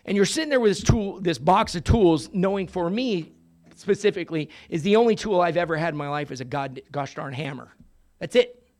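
High-voiced animated older man storyteller. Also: fairly quick, a little hiss or hum. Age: 60s. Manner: animated, swings from hushed to loud, profane humor. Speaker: recovery meeting speaker. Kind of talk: storytelling talk.

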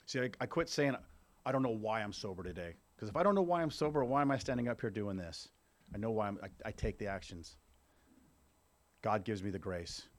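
A fairly low-pitched man in his fifties speaks to a room of listeners at a recovery meeting. He tells his own story candidly and conversationally, often tossing in a "right?" to keep the audience with him. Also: fairly quick. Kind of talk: personal recovery testimony to a group.

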